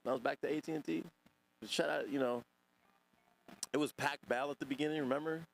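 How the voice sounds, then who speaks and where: A man's voice: fairly high pitch, fairly even intonation, fairly quick, gravelly, slight background noise. A man hosting a casual livestream podcast, rambling and profane as he reads and answers chat. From Northern California. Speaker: podcast host.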